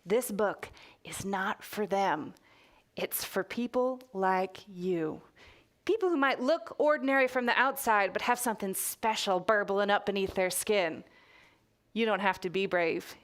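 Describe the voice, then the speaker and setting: A woman's voice: mid-range voice, normal speed, natural voice. A woman with a put-on Texas accent reading aloud as a chatty kid narrator of a spooky children's book, in a folksy, conspiratorial way. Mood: confiding.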